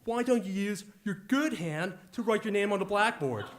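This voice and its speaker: Man doing a stern older nun, prim schoolteacher voice, raised a little in pitch, patronizing. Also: animated, moderate pace, a little hiss or hum. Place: stage at a live storytelling event.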